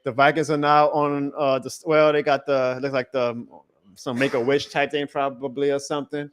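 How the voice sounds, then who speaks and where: A man hosting a live reaction stream in a casual, excitable, rambling way, chuckling often as he talks to his chat. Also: medium pitch, moderate pace, smooth.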